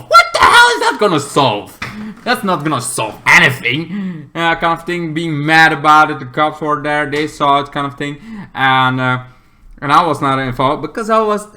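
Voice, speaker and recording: Young man, vlogger, very bright, sharp tone, rambling and swearing, erupts into loud shouts. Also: medium pitch. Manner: rambling, filler-heavy, swears a lot, bursts into shouts. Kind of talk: rambling casual vlog storytelling.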